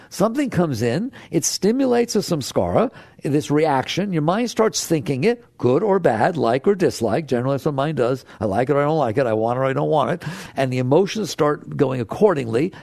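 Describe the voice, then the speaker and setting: An older man and spiritual teacher who gives an animated, conversational talk to a live audience, asks them questions and acts out inner voices. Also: fairly high pitch, gravelly, no echo, clean studio sound.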